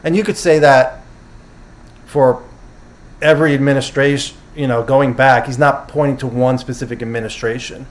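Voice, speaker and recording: A man with a mid-range voice speaks at a normal speed with fairly even intonation while hosting a casual livestream. He recaps a conference and takes audience questions, chatting as he loosely paraphrases the speakers and often corrects himself.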